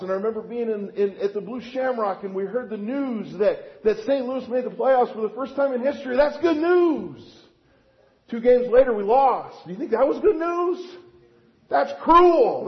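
A man preaching a sermon as pastor, asking rhetorical questions and swinging between quiet and loud. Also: sits high, muffled recording. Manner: lively, rhetorical questions, animated swings in volume.

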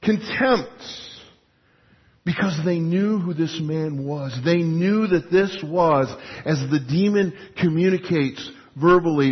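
A pastor preaching a sermon in an animated, emphatic, conversational way with frequent restarts. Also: male voice, on the high side, slow pace, slightly rough. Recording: dull lo-fi recording.

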